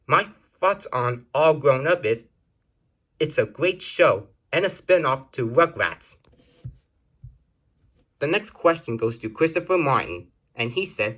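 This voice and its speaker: A man's voice: medium pitch, animated, measured pace, pauses often, pushed and bright. A man hosting his own channel, reading out viewer questions and answering them in a plain, earnest way, often stopping to correct himself. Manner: plain, earnest delivery with frequent self-corrections.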